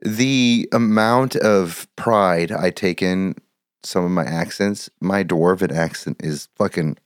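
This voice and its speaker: A man's voice: deep voice, slow pace, no echo, studio quality. Rambling man laughing on a headset mic. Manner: rambling, self-interrupting, laughs often. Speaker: tabletop game player. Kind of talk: casual podcast chat. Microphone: headset microphone.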